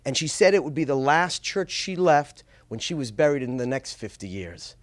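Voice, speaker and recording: A middle-aged man from Boston telling a personal story on stage, expressive with small stammers. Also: mid-range voice, moderate pace, no room sound.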